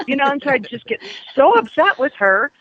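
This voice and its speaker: A woman's voice: high voice, sing-song, fairly quick, a little hiss or hum. A woman in her fifties, a psychic guest on a radio chat, telling stories animatedly and laughing often, heard through dull lo-fi radio sound. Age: 50s.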